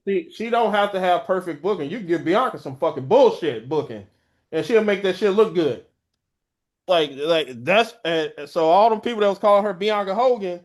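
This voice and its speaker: A man co-hosting a podcast in casual chat, slangy and teasing, often restarting his sentences. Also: high voice. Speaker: podcast co-host.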